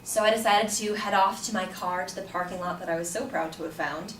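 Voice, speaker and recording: A woman's voice: mid-range voice, a little fast, fairly bright tone, far from the mic. A woman recounts a personal story, her voice carrying through a roomy space. She speaks from a little way off the mic with faint noise behind her, shifting into livelier tones when she quotes people. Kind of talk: personal story told to an audience.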